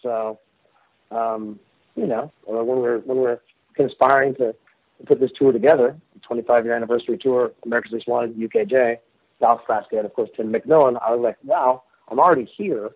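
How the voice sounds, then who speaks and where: Husky man on a tinny phone line. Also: medium pitch, steady tone, brisk, no room sound. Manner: rambling storyteller, many fillers and restarts. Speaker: rock singer, interview guest. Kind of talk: casual phone interview.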